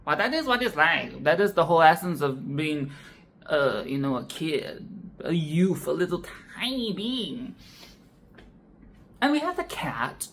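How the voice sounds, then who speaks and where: A sassy, foul-mouthed film commentator talking off the cuff. The speech rambles and restarts, with frequent laughs, and keeps tagging lines with "okay?". The pitch sits in a middle range. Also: big pitch swings, measured pace, a bit bright, a little hiss or hum. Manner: sassy, profane, tags "okay?" onto lines. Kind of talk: casual film commentary monologue.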